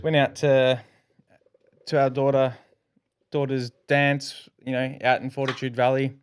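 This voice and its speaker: An Australian man co-hosting a podcast, telling a story in an animated, swearing way and acting out his own lines. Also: medium pitch, a little slow, clear, resonant tone, dry recording. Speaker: podcast co-host. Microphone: podcast microphone.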